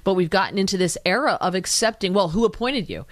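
A woman guest-hosting a talk radio show, giving animated, indignant commentary in fast bursts. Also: mid-range voice, dry recording.

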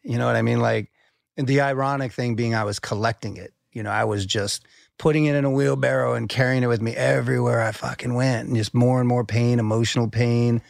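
A man talks as a guest on a podcast, reflective and earnest, with a gravelly edge to his voice. He swears now and then and stumbles into thoughts by repeating words. The sound is dry and close. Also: medium pitch, steady tone, fairly quick, dry recording. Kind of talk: conversational podcast talk.

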